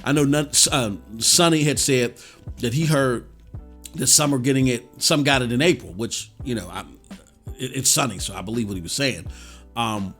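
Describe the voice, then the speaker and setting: Animated male podcast co-host. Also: mid-range voice, normal speed, soft background music. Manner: animated storyteller, swings between loud and soft. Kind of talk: casual podcast chat.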